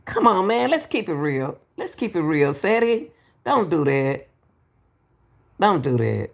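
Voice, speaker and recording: Woman, gravelly voice, reaction commentary, repeats herself, says baby. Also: lowish voice, sing-song, slow pace, long pauses. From Atlanta, US. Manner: repetitive, emphatic, calls people baby. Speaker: YouTube commentator.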